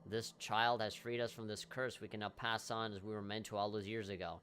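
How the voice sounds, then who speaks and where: A man reading out a resentful male spirit in a game, speaking low and reproachfully. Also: flat delivery, a little fast, fairly bright tone, a little hiss or hum, lightly acted. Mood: accusing.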